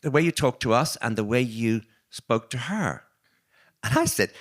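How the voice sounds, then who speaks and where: An older Irish author talking with an interviewer at a live book event, telling reflective anecdotes with restarts and lively quoted voices. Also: male voice, medium pitch, unhurried. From Ireland. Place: arts venue, live audience.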